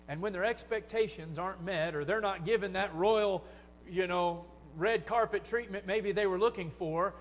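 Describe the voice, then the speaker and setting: A man's voice: high voice, long reverb tail, a little hiss or hum. A man preaching a sermon in a conversational way, often asking his listeners rhetorical questions. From United States. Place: church sanctuary.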